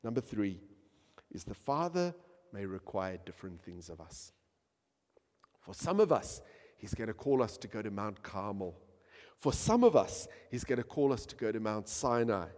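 A man preaching a sermon, swinging from hushed, quiet lines to loud, emphatic peaks. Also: mid-range voice. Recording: long hall reverb.

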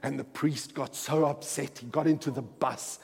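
A man's voice: medium pitch, fairly even intonation, moderate pace, gravelly, husky. A middle-aged man preaching a sermon through rambling personal anecdotes full of fillers. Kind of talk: storytelling sermon. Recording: long hall reverb.

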